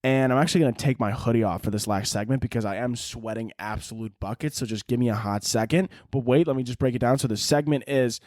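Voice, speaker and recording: A man's voice: medium pitch, quick pace, hardly any pauses, darkish tone, dry recording, studio quality. Rambling man with a crude sense of humor. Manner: rambling, crude jokes, self-mocking. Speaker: podcast host. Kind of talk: solo podcast chat.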